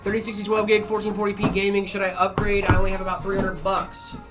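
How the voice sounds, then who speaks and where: A relaxed livestream host chatting with viewers about PC builds, drifting through fillers as the questions are read aloud. The voice sits mid-range, and faint music plays underneath. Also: medium pitch, fast. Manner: laid-back, filler-heavy, reads chat aloud. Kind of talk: casual live chat answering viewer questions.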